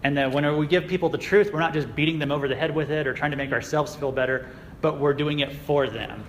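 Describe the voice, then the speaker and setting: A man preaching a sermon to a youth group in a casual, conversational way, with fillers and quick laughs. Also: a little high, fairly even intonation, long reverb tail, slight background noise, rough recording. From United States. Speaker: youth pastor. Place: church sanctuary.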